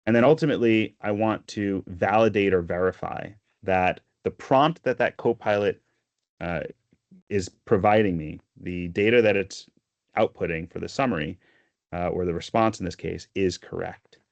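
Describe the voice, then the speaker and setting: A man walking through a software product demo, explaining each step steadily with frequent fillers. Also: sits low, moderate pace, gravelly, no room sound, muffled recording.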